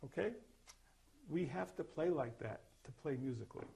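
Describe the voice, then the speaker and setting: A man's voice: fairly high pitch, lively intonation, normal speed, creaky, heavy background noise. An older man teaching a percussion master class, explaining articulations and singing short example notes. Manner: explains then sings or plays examples.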